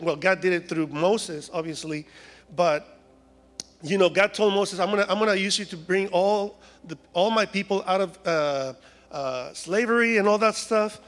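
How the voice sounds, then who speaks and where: A man's voice: sits high, a bit bright, in a large hall. A man from Mexico with a Mexican Spanish accent, preaching a humorous sermon in a church. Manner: humorous, acts out voices of complaining people. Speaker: guest preacher. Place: church sanctuary.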